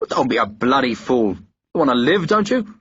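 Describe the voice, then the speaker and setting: A man's voice: mid-range voice, big pitch swings, moderate pace, fairly bright tone, slightly rough, muffled recording. A man voicing a brooding army officer whose tongue is loosened by drink. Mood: scolding.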